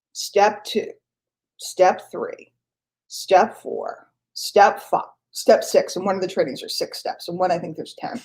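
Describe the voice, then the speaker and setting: A middle-aged woman giving an emphatic, energetic motivational morning talk to her business team, often laughing. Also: fairly high pitch. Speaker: network marketing trainer.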